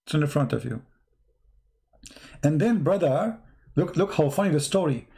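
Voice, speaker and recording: Mocking man with a raised pitch. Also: animated, normal speed, gravelly, dark tone. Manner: mocking, sarcastic, with broken phrasing. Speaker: commentator. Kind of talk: polemical commentary monologue.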